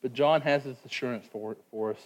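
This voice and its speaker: A man's voice: medium pitch, fairly quick. A man preaching a sermon in an earnest, emphatic way, often repeating words as he presses a point. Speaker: pastor.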